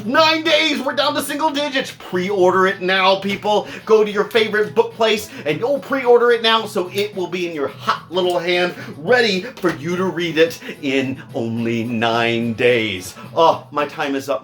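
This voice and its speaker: A man, a children's author hosting his own show, reading a picture book aloud in a theatrical, scolding-parent way, jumping from loud exclamations to soft asides. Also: on the high side. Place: at home.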